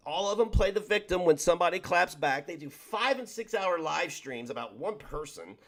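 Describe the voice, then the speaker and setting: Male commentary host, profane exasperated ranter, animated delivery. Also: sits high, normal speed. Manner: exasperated, profane ranting with sarcastic mimicry. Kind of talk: reaction rant.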